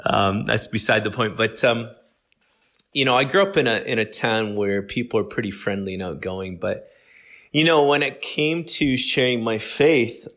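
Middle-aged man, slight Aussie tinge, lowish voice, easygoing podcast teacher who thinks aloud. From Canada. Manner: relaxed, conversational, many fillers and restarts. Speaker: guest speaker.

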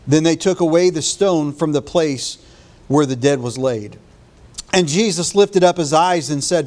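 A man's voice: a little high, unhurried, darkish tone. Earnest pastor, a man preaching. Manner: earnest, retelling scripture with small restarts. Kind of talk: sermon.

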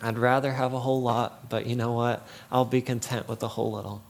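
A man's voice: mid-range voice, level tone, brisk, creaky. A young man giving an earnest, story-filled sermon, often breaking into small laughs. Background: music.

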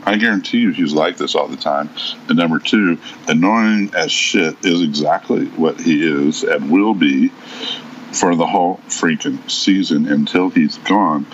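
A man's voice: a bass voice, measured pace, lo-fi sound, slight background noise. A man co-hosting a podcast in casual chat, giving blunt, sarcastic opinions. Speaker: podcast co-host.

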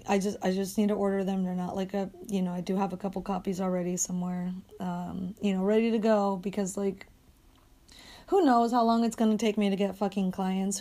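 A woman rants in a hoarse, sandpapery voice, swearing constantly as she vents. Her talk is exasperated and restless, with sudden flare-ups into loud, sharp complaint. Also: mid-range voice. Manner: profane, ranting, exasperated. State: hoarse, strained voice. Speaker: dog walker and coach. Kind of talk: angry venting monologue.

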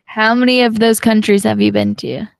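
A woman's voice: fairly high pitch, little pitch movement, moderate pace, creaky, no echo. A woman co-hosting a podcast in casual, jokey chat, dropping in foreign words. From United States. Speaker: podcast co-host.

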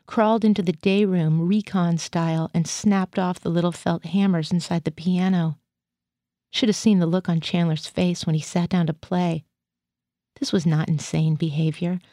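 Leitura literária de uma mulher, calma e constante, com timbre baixo e suave. A gravação é seca e limpa. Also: female voice, lowish voice, no room sound, clean studio sound. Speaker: reader. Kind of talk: literary reading of a first-person story.

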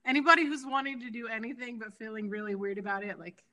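A woman in her thirties, a nonprofit founder, talking as a guest in a casual interview, animated and chatty with frequent laughs and fillers. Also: on the high side, quick pace, a crowd in the background.

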